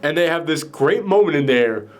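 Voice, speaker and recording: A man hosting a casual movie review chat, retelling the plot in an animated way with lots of "like" fillers. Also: a little high, moderate pace. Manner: animated storytelling, frequent "like" fillers. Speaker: podcast host.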